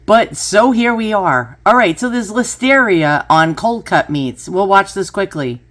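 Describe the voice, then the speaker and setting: A middle-aged woman giving casual reaction commentary, chatty and animated, telling stories with asides. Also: medium pitch, measured pace. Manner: animated, chatty storytelling with asides, repeats "boys and girls". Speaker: commentator reacting to a news clip.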